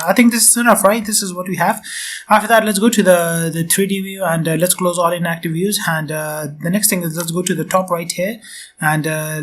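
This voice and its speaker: A man talking through a software tutorial in a casual, chatty way, full of fillers and addressing viewers as guys. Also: a little high, a little hiss or hum. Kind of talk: casual screen-recorded tutorial.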